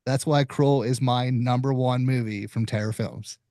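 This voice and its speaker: A man's voice: medium pitch, normal speed, dry recording. Male podcast host, casual storyteller, dry close recording. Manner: relaxed storytelling, with small restarts.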